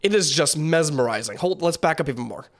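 A man's voice: a little high, animated, fairly quick. A young man hosting a casual reaction video, rambling with lots of fillers and restarts as he thinks aloud.

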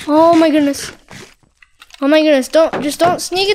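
A woman giving excitable, dramatic commentary over her Minecraft gameplay, exclaiming and repeating herself. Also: sits high, moderate pace, background noise. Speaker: gaming channel host.

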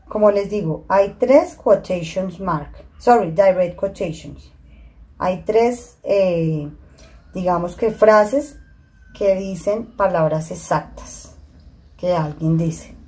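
A woman whose mid-range voice is a little mellow with a breathy edge teaches an online English grammar class. She speaks with a Spanish accent from her native Spanish, reading examples aloud and turning to Spanish to explain, all over a video-call computer mic.

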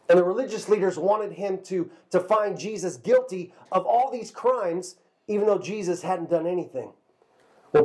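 A man telling a Bible story to children as a kids' pastor, lively and a little halting, often repeating a word before going on. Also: high voice. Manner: lively storyteller, repeats words while talking.

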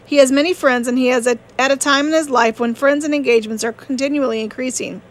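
A woman reading the part of a proud, reserved young gentleman in an audiobook, terse and formal. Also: high-pitched, steady tone, quick pace, natural voice.

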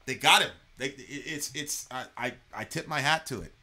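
A co-host on a reaction podcast, this man rants animatedly about politics in a casual way, cursing and getting tangled in repeated words. His medium-pitched voice sounds pushed and bright at a moderate pace.

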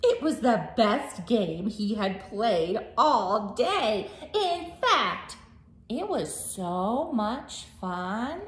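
A woman reading a picture book aloud to children as librarian, animated and singsong, asking them questions, in an echoey room. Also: mid-range voice, very slow.

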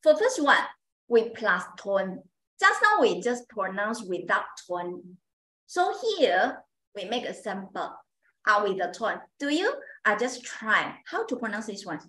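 A woman's voice: mid-range voice, sing-song, unhurried, fairly bright tone, roomy sound, poor audio. A woman teaching an online Chinese pronunciation class, speaking simple non-native English and patiently repeating sounds for her students.

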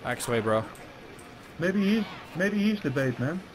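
A man's voice: a little high, big pitch swings, unhurried, slight background noise, low-quality recording. Nervous Dutch-accented man in game chat. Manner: pleading, nervous. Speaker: stranger player in an online game.

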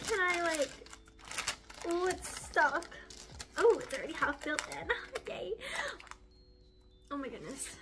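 A young woman vlogging in a chatty, excitable, gushing way as she assembles a baking project. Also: sits high, measured pace, long pauses, over music. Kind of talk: casual baking vlog.

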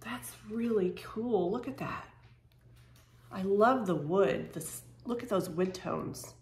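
A woman chatting casually to camera as she unboxes home decor, excitable and gushing, with quick bursts of surprise. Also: medium pitch. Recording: echoey room with faint noise.

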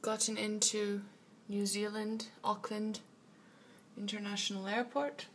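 Worn out after a long flight, a long-distance cyclist records a casual video diary in a small motel room, laughing frequently. She speaks at medium pitch in an unhurried monotone, with a distant mic adding a little hiss or hum.

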